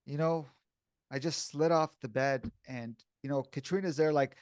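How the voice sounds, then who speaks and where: A man's voice: a little high, fairly even intonation, moderate pace, no echo, studio quality. A man co-hosting a podcast, talking casually and candidly and calling the other host "bro" and "dude".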